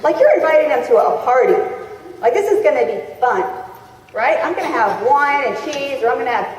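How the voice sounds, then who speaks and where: A woman giving a lively, chatty seminar talk to a crowd, acting out sample phone calls. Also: high voice, brisk. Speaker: motivational speaker. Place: large convention hall. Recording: echoey hall recorded from far off.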